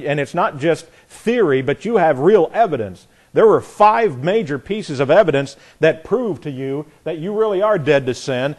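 A male preacher with a slightly higher voice, teaching through scripture in an earnest, emphatic way. He reads verses aloud and often restarts his sentences as he presses his point. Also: darkish tone. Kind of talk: sermon, Bible teaching.

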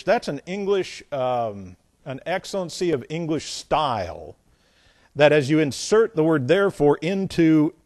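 A man teaching a Bible lesson as a pastor, emphatic, repeating phrases and swinging between loud points and quiet asides. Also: fairly high pitch, no room sound, studio quality.

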